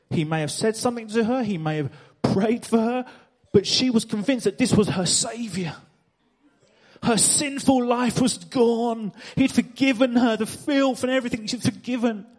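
This sermon comes from a man preaching on a church stage, his voice notably high for a man and a little mellow. He speaks a bit slowly, repeating phrases and pressing the congregation with rhetorical questions.

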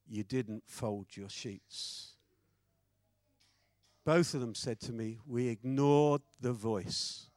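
A man preaching a sermon, telling a story with animated swings between loud declarations and hushed asides. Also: mid-range voice, dry recording.

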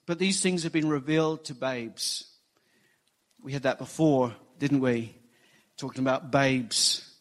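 A man preaching a sermon, animated and emphatic, acting out quoted lines. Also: fairly high pitch. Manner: animated preaching, rising emphasis, quotes scripture in acted voices. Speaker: pastor.

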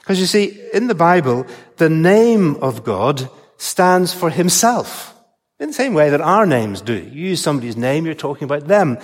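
An older man preaching a sermon to his congregation, explaining scripture in a measured way with emphatic stresses. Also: a little high, big pitch swings, big-room sound.

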